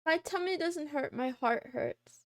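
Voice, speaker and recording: High-pitched woman streamer, slow and playful. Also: a bit bright, dry recording, clean studio sound. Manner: playful, greets chat by name, meows and giggles; complaining, self-deprecating. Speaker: VTuber streamer. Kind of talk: casual live-stream chat.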